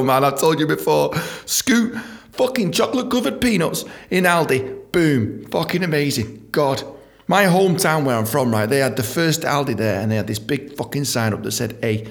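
A man's voice: a little high, vocal fry, fairly bright tone. A male comedian, delivering a sweary, rambling comic monologue.

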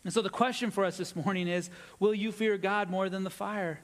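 Man preaching, fairly high voice, earnest, softening for emphasis, long hall reverb. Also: steady tone, a little fast. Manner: earnest preaching, drops low and soft for emphasis. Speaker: pastor. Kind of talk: sermon.

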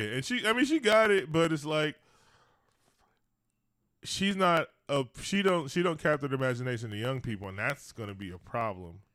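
A man co-hosting a laid-back podcast chat, loose and slangy, with a habit of laughing between stories. His voice sits at an ordinary pitch, and the room is dead and close-miked. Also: fairly bright tone, dry recording. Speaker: podcast co-host. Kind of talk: casual chat.

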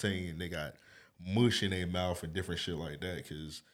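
Brief: male podcast co-host, low voice, relaxed, cussing banter. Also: moderate pace. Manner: laid-back, profane, laughs often. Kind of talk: casual chat.

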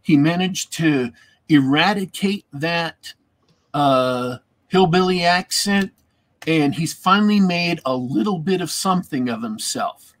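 A man's voice: a little high, lively intonation, measured pace. A man in casual chat about tabletop gaming, rambling and repeating words as he thinks.

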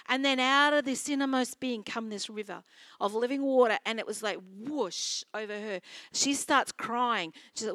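A woman's voice: high voice, expressive, normal speed, bright, forceful tone, no room sound. An Australian woman pastor preaching a sermon in an earnest, storytelling way, repeating her phrases for emphasis.

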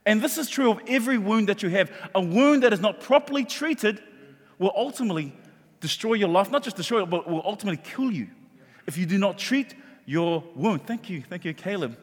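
A man preaching a sermon in a church hall, animated and jokey, often repeating his words. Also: high voice, fairly quick. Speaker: pastor. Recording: long hall reverb.

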